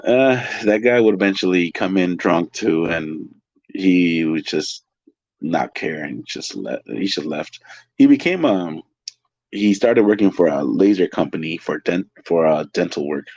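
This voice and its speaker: Low-voiced california guy swearing through work stories, dry muffled recording. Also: expressive, measured pace, a little mellow, no room sound. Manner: profane, loose anecdotal storytelling. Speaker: waiter, interview guest. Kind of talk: casual storytelling interview.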